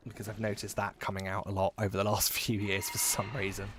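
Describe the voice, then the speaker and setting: Joking streamer with an Essex-Midlands accent. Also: male voice, on the low side, monotone, fast, noisy background. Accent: mix of Essex and Midlands English. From England. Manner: chatty, joking, swearing, talking to chat. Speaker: game streamer. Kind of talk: casual live-stream chat while playing.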